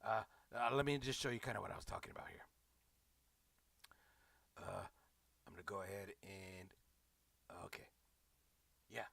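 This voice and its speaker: A man's voice: low-pitched, wildly swooping pitch, moderate pace, vocal fry, pauses often, fairly bright tone. A man giving a rambling, sarcastic comedic movie recap, mocking the fans. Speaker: movie reviewer.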